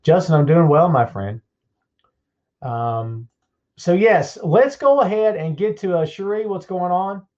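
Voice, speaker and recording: A man hosting a live-streamed podcast, reading out viewers' names and chatting with them in a folksy, upbeat manner. His voice sits a little high for a man. The audio is slightly dull and lo-fi. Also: lively intonation, measured pace, darkish tone. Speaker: podcast host.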